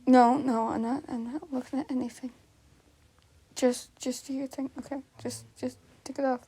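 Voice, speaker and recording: A woman doing casual improvised fan role-play, flustered and giggly, stammering and dropping into breathy whispers. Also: high-pitched, little pitch movement, normal speed, dark tone, dry recording.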